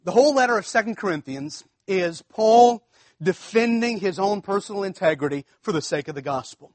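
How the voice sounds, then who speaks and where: A man's voice: high-pitched, expressive, moderate pace, darkish tone, no room sound. A man preaching a sermon in a conversational way, repeating himself and checking that the congregation follows. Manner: conversational preaching, repeats phrases, asks congregation if it makes sense. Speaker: pastor.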